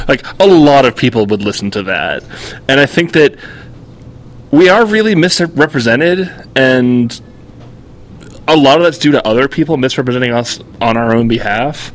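A man's voice: medium pitch, moderate pace. Rambling man on a podcast. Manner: rambling, heavy use of "like", animated retelling. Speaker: podcast co-host. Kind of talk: casual chat.

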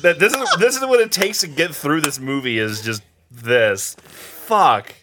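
A man giving casual, profane movie commentary, laughing often and tossing off quick asides. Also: on the high side, expressive, very noisy.

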